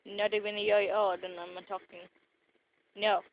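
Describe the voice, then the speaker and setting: A woman's voice: medium pitch, little pitch movement, moderate pace, dull audio, close to an everyday voice. A young woman voicing her grumpy, sassy house cat in a petulant, whiny way, recorded on a phone. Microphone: phone camera.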